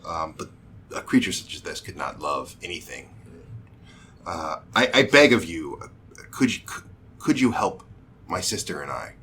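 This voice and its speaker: A man's voice: deep voice, sing-song, fairly bright tone, slight background noise. A man voicing a worried young nobleman who halts and stammers as he pleads for help. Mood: pleading. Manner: halting, stammering pleas.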